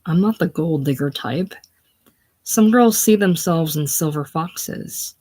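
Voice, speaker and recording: Coy teasing young woman as a reader puts her on, slow, coaxing. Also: mid-range voice, a little mellow. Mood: dreamy. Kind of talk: casual play reading.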